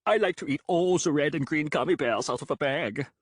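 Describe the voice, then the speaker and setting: A man voicing a burly male librarian with a thick German accent who speaks in deadpan, earnest confessions. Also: a little high, brisk, no room sound, clean studio sound, voice pushed up, lightly acted.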